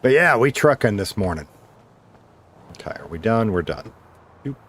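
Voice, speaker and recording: Low-voiced man rambling on a stream. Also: big pitch swings, moderate pace, fairly bright tone, a little hiss or hum. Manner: rambling, talks to himself and to chat. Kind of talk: casual livestream chat while gaming.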